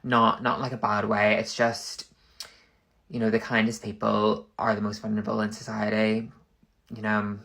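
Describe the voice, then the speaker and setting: A man, rambling through a casual comedic monologue full of "like" and quick backtracking. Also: fairly low pitch, completely flat delivery, vocal fry, bright, forceful tone. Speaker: content creator.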